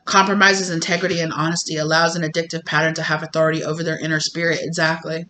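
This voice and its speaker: A woman's voice: low voice, flat delivery, fast, pushed and bright, a little hiss or hum. A woman doing a casual tarot reading, chatty and full of fillers, often acting out quoted voices. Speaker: tarot reader.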